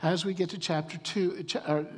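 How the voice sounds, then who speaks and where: A man preaching a sermon as pastor, animated, often repeating words as he starts a sentence. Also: sits high, normal speed, husky, big-room sound.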